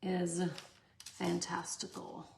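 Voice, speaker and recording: Middle-aged woman hosting a craft tutorial; slow, chatty, with a gravelly voice. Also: fairly low pitch, monotone, darkish tone, a little hiss or hum. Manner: chatty, laughs often, talks to viewers. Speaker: resin art tutorial host. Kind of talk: casual livestream craft tutorial.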